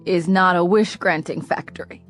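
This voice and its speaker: A woman reading the lines of a seriously ill young man in an audiobook, calm and subdued. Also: on the low side, moderate pace, soft background music, natural voice. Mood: resolute.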